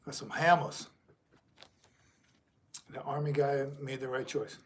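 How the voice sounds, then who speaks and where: A man's voice: mid-range voice, fairly even intonation, slow, a little hiss or hum. A middle-aged man, a retired Marine sergeant major, hosting a casual livestream and rambling as he reads viewer comments aloud.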